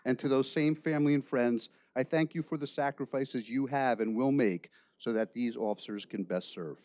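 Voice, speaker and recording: Man in his 60s, police chief; formal, measured ceremonial speech; dry, close sound. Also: mid-range voice, darkish tone, no room sound. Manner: measured, ceremonial delivery with deliberate pauses. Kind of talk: formal prepared speech at a council meeting.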